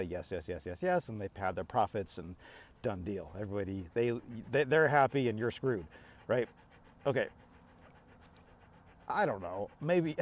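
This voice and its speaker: A middle-aged man talks straight to camera in a loose, rambling vlog style. His voice sits a little low, and he stumbles through restarts while acting out both sides of a back-and-forth with plain exasperation. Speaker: vlogger. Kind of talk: casual talking-to-camera rant.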